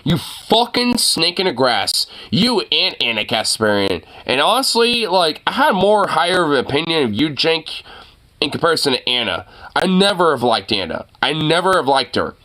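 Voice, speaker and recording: A man hosting a casual chat, reacting to a news clip with excited, profane rants. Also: on the high side, moderate pace.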